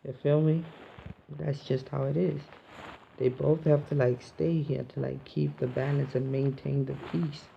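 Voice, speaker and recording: A man with a gravelly, medium-pitched voice vlogs in a flat, slightly slow, rambling monologue, musing philosophically and often checking in with listeners using "you feel me" and "man". The audio is dull with slight background noise.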